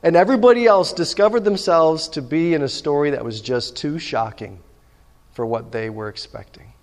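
A man's voice: a little high, moderate pace. A man preaching a sermon, telling stories animatedly and acting out the dialogue himself. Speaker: pastor. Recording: long hall reverb.

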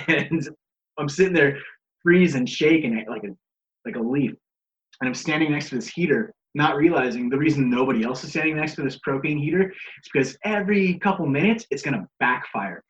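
A man's voice: fairly high pitch, lively intonation, moderate pace, dull audio. A man being interviewed about his wrestling days, telling stories casually, swearing, laughing and acting out what others said. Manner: profane, laughing, acts out others' lines. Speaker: guest, pro wrestler. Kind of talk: casual storytelling.

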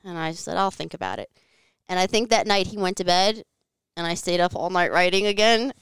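With a fairly low, clear and resonant voice and lively intonation, a woman speaks fairly quickly as she tells a personal story on a podcast. She's a guest in a home living room, frank and casual, leaning on "like" and cursing now and then, with no room sound.

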